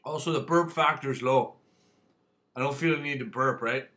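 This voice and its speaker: Man, beer review vlog, bright voice, folksy rambling, lots of fillers. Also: medium pitch, normal speed. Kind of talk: casual video review.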